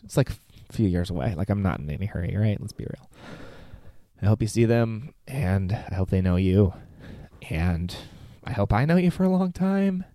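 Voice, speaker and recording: A young man in his twenties giving a halting, heartfelt message to his father, near tears and cursing casually. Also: lowish voice, dark tone, no room sound. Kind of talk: personal spoken message.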